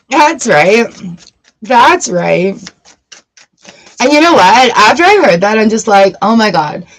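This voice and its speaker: A woman's voice: a little high, big pitch swings, takes it slowly, low-quality recording. A middle-aged woman hosting a casual live tarot reading, chatty and given to giggling as she talks to viewers. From Canada. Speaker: tarot reader livestream host.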